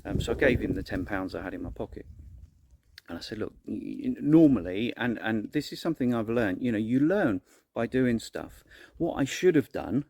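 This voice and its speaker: A man's voice: lowish voice, lively intonation, normal speed, gravelly, a little mellow, dry recording. Man, vlogger, earnest, rambling, restarts often, casual monologue.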